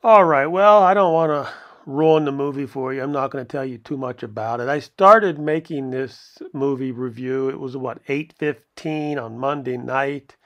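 A man's voice: mid-range voice, normal speed, fairly bright tone. A man giving a casual, rambling movie review from home, chuckling often and wandering into asides. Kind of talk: casual video review commentary.

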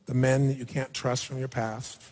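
A man's voice: mid-range voice, little pitch movement, normal speed, darkish tone. A man leading a live seminar, coaching a participant in front of an audience with a blunt, provocative manner and free swearing. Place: large hall with audience. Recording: long hall reverb.

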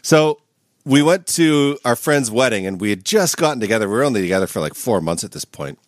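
Guy on a podcast call telling a crazy story, super lively voice, swears a lot, dry sound. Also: medium pitch, fairly quick, dry recording. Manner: animated storyteller, swears freely, laughs while telling. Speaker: podcast co-host. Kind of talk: casual chat, storytelling. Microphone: video call.

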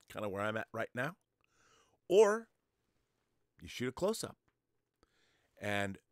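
A man's voice: fairly low pitch, no room sound, studio quality. Lecturing male film-show host. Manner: talks straight to the viewer, lecturing with examples. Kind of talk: explanatory film commentary.

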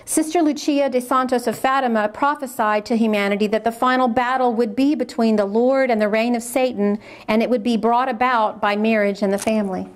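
A woman's voice: on the high side, steady tone, a little fast, few pauses. A woman speaking at a religious conference, reading diary passages aloud and commenting on them in an earnest way, repeating words when she is moved.

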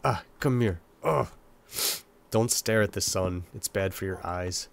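A young male let's play gamer with a cold sounds nasal and sniffly as he comments on his gameplay. His low, creaky voice moves at a measured pace while he rambles and pokes fun at himself in chatter meant only for himself.

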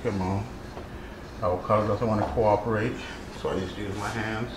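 A man hosting a casual cooking vlog, relaxed and chatty, talking while he plates and eats his food. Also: fairly low pitch, normal speed, roomy sound, noisy background. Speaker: cooking channel host.

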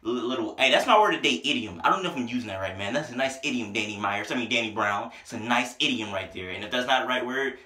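A man reviewing an album in a casual, rambling way, excitable and full of slang, with a headache. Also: mid-range voice, fast talker, few pauses. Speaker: music reviewer. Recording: echoey room.

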